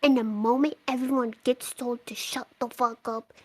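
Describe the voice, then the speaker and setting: A woman reading a listener's letter aloud on a podcast, with expressive delivery, now and then tripping over a word. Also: on the high side, normal speed, rough recording. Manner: expressive reading, slipping up and swearing at her mistakes. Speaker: letter reader.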